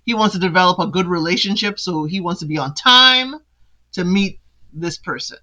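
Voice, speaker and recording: Brief: a woman host with a bright, clear voice, giving blunt, sassy reality-show commentary. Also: on the low side, moderate pace, poor audio. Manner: sassy, opinionated, talks straight to the people she recaps. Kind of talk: casual recap commentary.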